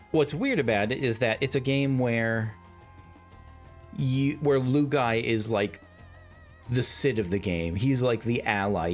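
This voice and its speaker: Male let's player, hoarse today, rambling and self-interrupting, low-pitched. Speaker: game streamer. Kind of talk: let's play commentary.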